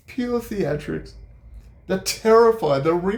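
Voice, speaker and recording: A man giving ranting commentary, sarcastic and profane, dropping to low mutters and jumping to high mocking outbursts. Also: expressive, unhurried. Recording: echoey room.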